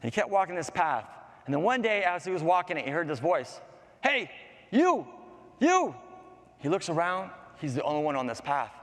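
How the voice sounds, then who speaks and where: Animated male storyteller in a hall. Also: a little high, fast talker. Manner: animated storyteller, lively voices. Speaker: conference speaker, storytelling teacher. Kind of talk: storytelling talk. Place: conference session room. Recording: long hall reverb.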